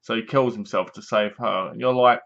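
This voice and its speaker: A man's voice: lowish voice, steady tone, moderate pace, vocal fry, fairly bright tone. A man casually reviewing a horror film, rambling and sarcastic, with many restarts. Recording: dull lo-fi home recording.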